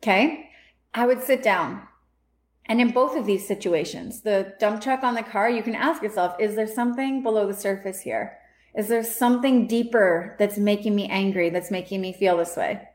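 A woman's voice: medium pitch, normal speed, darkish tone. Emphatic woman coach in an echoey room. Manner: casual, emphatic, acts out inner voices. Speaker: self-help coach. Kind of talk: motivational talk to camera.

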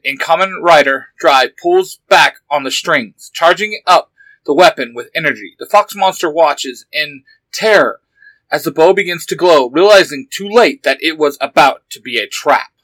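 A man's voice: a little high, measured pace, fairly bright tone, dry recording, rough recording. A man reading a superhero fan story aloud with eager narration.

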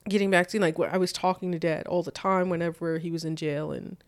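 A young adult woman telling a personal story in a casual talk, animated and full of "like", acting out both sides of the dialogue. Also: lowish voice, quick pace, dry recording.

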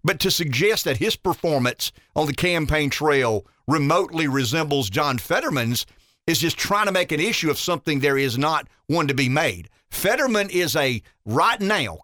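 A man's voice: on the high side, pushed and bright, dry recording, clean studio sound. A man with a rural Southern US accent hosting a talk radio show, speaking in an emphatic, folksy way and repeating words as he builds his points. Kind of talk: opinionated talk radio commentary.

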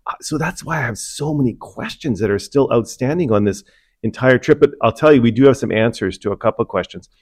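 A man's voice: mid-range voice, lively intonation, fast talker, darkish tone, husky, dry recording. A man hosting a local politics podcast, chatting casually and running a playful mock game show, laughing and restarting often. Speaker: podcast host running a council recap.

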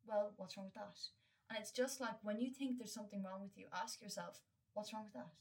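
A woman's voice: mid-range voice, steady tone, a little fast, distant mic. Candid young woman, slightly off-mic. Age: young adult. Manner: candid and earnest, swears freely, many fillers. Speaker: podcast host. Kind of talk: casual solo podcast monologue.

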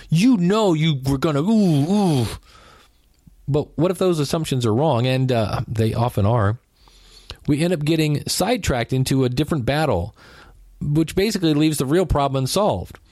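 A man's voice: medium pitch, animated, a little fast, darkish tone, no room sound, studio quality. A man hosting a podcast, giving casual relationship advice in a conversational way, with joking asides and quoted lines acted out. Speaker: podcast host.

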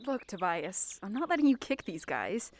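A woman's voice: medium pitch, sing-song, normal speed. An actress playing a frazzled young woman in an audio drama, exasperated but protective, dictating notes to herself. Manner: exasperated, protective, note-taking.

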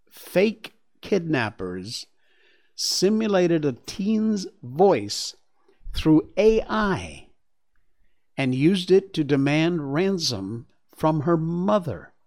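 A man's voice: fairly high pitch, sing-song, drawn-out words, creaky, darkish tone. A man hosting a show, reading news stories aloud and reacting with chatty, exclaiming asides. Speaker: show host. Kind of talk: casual commentary on news stories.

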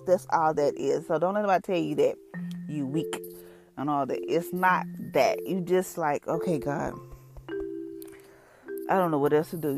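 A woman hosting a podcast, giving an earnest, informal devotional talk that rambles and often repeats phrases. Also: deep voice. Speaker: podcast host.

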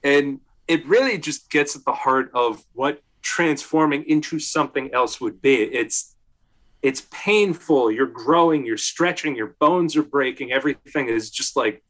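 A man's voice: medium pitch, unhurried, fairly bright tone. A man casually talking about movies on a podcast, leaning on "like" as he tells the story and acting out what people said. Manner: chatty storyteller, leans on "like", acts out quotes. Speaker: podcast co-host. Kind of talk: casual film discussion.

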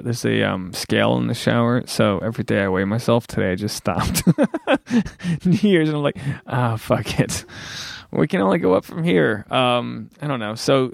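A man's voice: medium pitch, lively intonation, moderate pace, vocal fry, dry recording, clean studio sound. A man hosting a podcast in casual chat, rambling through self-deprecating jokes. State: out of breath. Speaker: podcast host. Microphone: home podcast mic.

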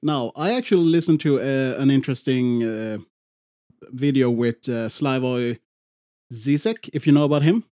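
A man's voice: mid-range voice, normal speed, a little mellow. A man co-hosting a casual podcast, rambling and swearing freely, with frequent restarts. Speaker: podcast co-host.

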